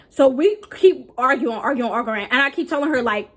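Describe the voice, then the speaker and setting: A woman's voice: a little high, quick pace, hardly any pauses. A young woman vlogger telling a story in casual, slangy talk, acting out what people said. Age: young adult. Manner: animated, slangy, acts out quotes.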